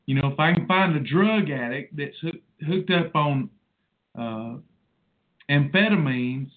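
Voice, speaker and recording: A man in his forties rambles through a personal monologue as host, emotional and preachy. He speaks slowly in a slightly high voice. The sound is thin and tinny, like a phone line. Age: 40s.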